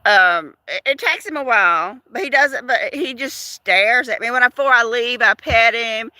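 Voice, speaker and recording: A woman's voice: a little high, expressive, moderate pace, bright, forceful tone, no echo. An older woman hosting a casual livestream, chatting in a gossipy way, laughing often and asking her viewers questions. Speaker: livestream host. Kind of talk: casual live chat.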